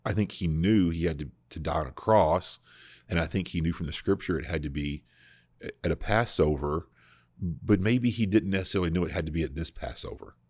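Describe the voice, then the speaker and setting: A man hosting a podcast, explaining scripture in a casual, animated way, often restarting his sentences. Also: sits low, fairly quick, no echo. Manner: animated, full of restarts and repeated words. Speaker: podcast host discussing scripture. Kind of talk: casual conversational Bible teaching.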